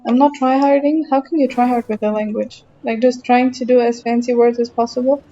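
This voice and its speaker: A woman's voice: on the high side, fairly even intonation, fairly quick, warm tone, highs cut off, slight background noise. A young woman with a light German accent, chatting with her stream chat while playing a game, frustrated and talkative. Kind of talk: casual live-stream chat while gaming.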